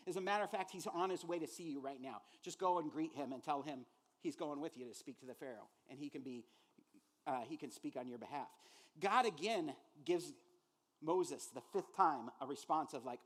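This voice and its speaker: A man preaching a sermon, animated and conversational, acting out little voices for the people he quotes. His voice sits a bit high for a man. He keeps dropping fillers like "like" and "you know" as he goes. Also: moderate pace. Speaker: pastor.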